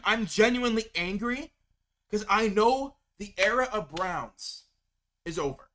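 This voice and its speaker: Fired-up man ranting, high lively voice. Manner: heated, venting, repeats words when upset. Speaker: sports video creator. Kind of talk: angry fan rant to camera.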